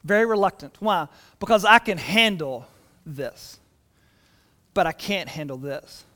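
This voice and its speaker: A man, preaching a sermon in church with lively storytelling and frequent restarts. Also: high-pitched, a little slow, in a large hall. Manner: animated storytelling with repeated restarts. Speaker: pastor.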